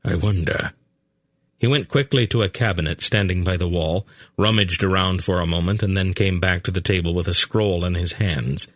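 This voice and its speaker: A man narrating a fantasy audiobook in a steady, measured reading. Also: low-pitched, dry recording, clean studio sound.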